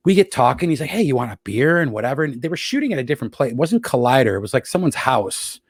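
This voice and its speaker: Quick and very animated, this medium-pitched man's voice has a breathy edge, captured in clean studio sound without echo. He is a Rochester, New York podcast guest who casually tells long stories laced with profanity, imitating the voices of people he quotes.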